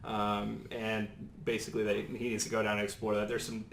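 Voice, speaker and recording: A man telling a long story-style pitch on a podcast, rambling and laughing, with lots of restarts and fillers, recorded in a studio set. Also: completely flat delivery, fairly quick, creaky, a little hiss or hum. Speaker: podcast co-host pitching a show idea. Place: studio set full of toys and collectibles. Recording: roomy echo.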